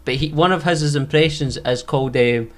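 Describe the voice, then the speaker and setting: A man chatting on a podcast. His voice is a little high, and his talk wanders, stacked with fillers as he hunts for the point. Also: a little fast. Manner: rambling, many fillers of "like". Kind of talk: casual chat.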